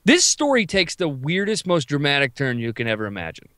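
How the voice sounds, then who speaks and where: A man co-hosting a podcast, telling a wild story in an animated, profane, quick-talking way. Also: a little high, no echo, studio quality. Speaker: podcast co-host. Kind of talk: casual storytelling.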